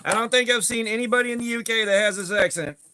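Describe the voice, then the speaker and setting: A man's voice: extremely high pitch, quick pace, bright, forceful tone. A man hosting a knife-testing livestream, casually greeting viewers and joking around. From USA. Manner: laid-back, greets chat viewers by name, joking.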